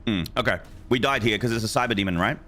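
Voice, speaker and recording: A man in his forties chatting casually with his chat room while streaming a game, joking crudely and shouting out in excitement. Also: lowish voice, fast, slight background noise. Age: 40s.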